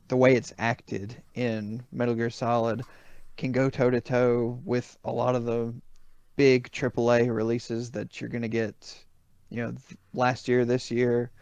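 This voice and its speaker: Male podcast co-host, gravelly voice, dead dry sound, casual thoughtful talk with fillers. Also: medium pitch, a little mellow, no room sound. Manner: thoughtful, many fillers and restarts.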